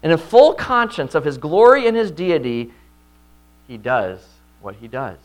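A man preaching an expository sermon, often checking in with listeners with "right?" and loudly voicing quoted lines. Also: a little high, sing-song, measured pace. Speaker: pastor.

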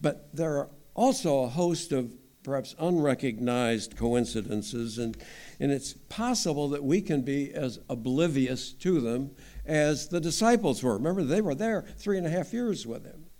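A man's voice: mid-range voice, expressive, moderate pace, mellow. A man teaching the Bible as a layman, talking in a conversational way with wry asides. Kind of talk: informal Bible teaching talk.

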